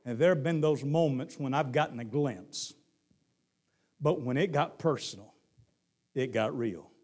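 A middle-aged man with a Southern accent preaching a sermon, moving from hushed lines to shouted ones. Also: mid-range voice, measured pace. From Southern United States. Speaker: pastor.

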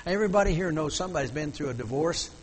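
A man's voice: on the high side, expressive, very fast, rough recording. An older male pastor telling a story in a sermon, folksy and full of restarts, rising to emotional emphasis.

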